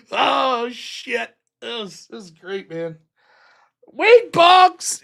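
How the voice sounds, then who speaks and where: A man with a high, bright, ringing voice hosts a casual live stream. He rambles through stories, breaks into laughter and swears freely. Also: expressive, drawn-out words, gravelly, pauses often. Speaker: livestream host. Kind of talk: casual livestream chat reading chat.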